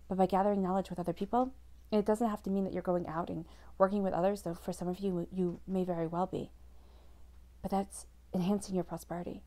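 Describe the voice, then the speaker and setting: A tarot reader with a lowish, mellow voice gives a reading to camera without a script. She talks directly and reassuringly to the listener in a flowing way.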